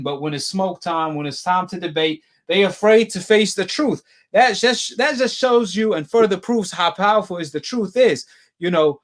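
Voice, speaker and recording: A man's voice: high voice, moderate pace. A man hosting a live boxing talk stream, chatting in a casual, slangy way and laughing often. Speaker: host of a boxing talk show.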